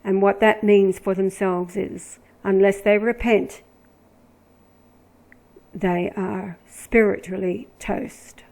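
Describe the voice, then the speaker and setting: Woman doing scripture commentary, slow and deliberate, leans hard on words in the verses, mid-pitched voice. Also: steady tone, vocal fry, darkish tone, poor audio. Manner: deliberate, emphatic, drawing out words when reading verses. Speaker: religious commentator.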